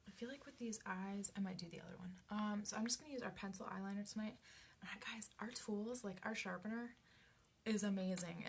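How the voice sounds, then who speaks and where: A woman hosting a casual live makeup tutorial from home. She chats as she works and often slips into soft half-whispers. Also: medium pitch, a little hiss or hum. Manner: chatty, drifts into soft half-whispers, coos at her cat. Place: indoors at home at a makeup mirror.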